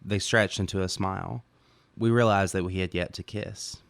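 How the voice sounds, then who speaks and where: A man reading his own short story aloud as first-person audiobook narration, calm and even. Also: sits low, normal speed, vocal fry, dry recording.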